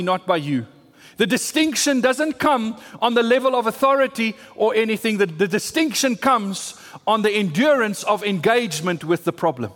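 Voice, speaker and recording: A male pastor delivers a sermon in a high, light voice. He drives his points home through emphatic repetition and rising bursts of intensity. His words carry a long, lingering reverb. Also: a bit bright.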